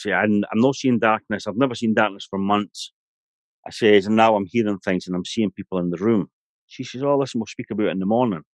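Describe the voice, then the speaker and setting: A man's voice: lowish voice, no echo. A middle-aged Scottish man, a guest on a podcast, telling a long personal story in a rambling, anecdotal way full of "you know". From Scotland.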